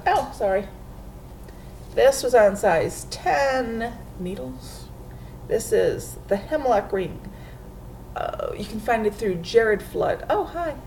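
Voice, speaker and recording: Chatty knitting vlogger woman with lively pitch. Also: slight background noise. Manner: chatty, laughs often, talks to herself. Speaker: knitting podcast host. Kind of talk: casual chat showing knitting projects.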